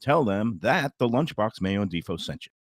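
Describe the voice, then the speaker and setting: A man from Brooklyn, a food show host reading restaurant ads in a lively, upbeat pitchman style and chatting at the table. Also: moderate pace, no echo, studio quality. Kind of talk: read restaurant ads, then casual table chat.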